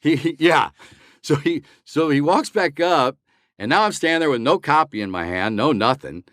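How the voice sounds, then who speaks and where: A man's voice: a little high, moderate pace, no room sound, studio quality. An older man, a voice actor, telling an anecdote in a casual interview and acting out the lines he quotes. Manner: animated, acts out quoted dialogue. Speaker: voice actor guest.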